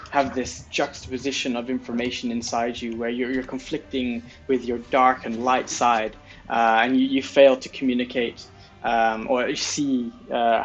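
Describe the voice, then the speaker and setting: A man's voice: mid-range voice, highs cut off. A man narrating as game master of a tabletop role-playing game, rambling with many fillers.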